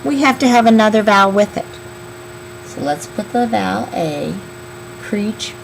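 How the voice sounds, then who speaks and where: A woman teaching young children a phonics lesson, slowly sounding out words and counting syllables. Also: mid-range voice, animated, vocal fry, noisy background. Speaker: elementary school teacher.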